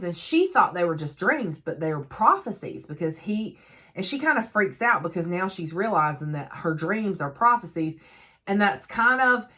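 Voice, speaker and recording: A woman casually recapping a novel, telling the story in an animated way with laughs and asides. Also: medium pitch. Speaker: book reviewer.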